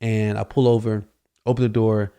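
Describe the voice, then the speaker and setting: A man with a fairly low, warm and mellow voice hosts a podcast. He tells a loose, casual story and keeps circling back with "you know" between his thoughts. His delivery is relaxed and conversational. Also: normal speed, smooth. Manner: rambling, full of "you know" fillers. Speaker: podcast host.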